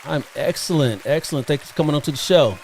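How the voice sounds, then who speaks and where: A man's voice: on the high side, quick pace, a faint crowd, slight background noise. A man hosting a live online interview show, upbeat and chatty, often repeating himself, heard over a video call. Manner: upbeat, repeats phrases, loose filler. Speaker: talk show host.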